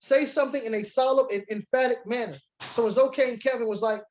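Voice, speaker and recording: With an extremely high-pitched, fairly evenly intoned voice, a man speaks fast as he leads a congregation through a sermon-style Bible lesson. He reads scripture, defines words, and alternates emphatic preaching with casual asides. The sound is lo-fi with a little hiss or hum.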